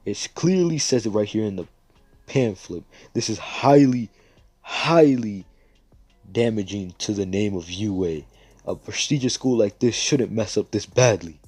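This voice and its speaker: A man's voice: on the low side, lively intonation, unhurried, a little mellow, slightly rough, dry recording, faint music behind. A man voicing an uptight, indignant young male student who talks in a stiff, scolding way.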